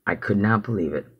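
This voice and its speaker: A man's voice: on the low side, slightly rough, dull audio. A man telling a personal story as testimony in a rambling, casual way, swearing freely. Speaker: activist giving testimony.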